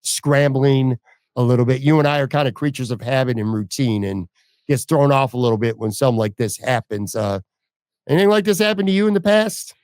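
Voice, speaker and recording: A man's voice: mid-range voice, fairly quick, darkish tone, no room sound, clean studio sound. A man hosting a casual podcast interview, asking long rambling questions with speech. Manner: chatty, rambling questions with fillers. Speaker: podcast host.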